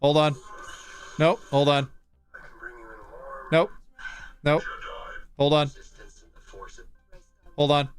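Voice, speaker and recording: A man's voice: on the high side, little pitch movement, very slow, long pauses, faint music behind. A man from Canada, a streamer in casual live-stream chat, bubbly and playful with a lot of laughter.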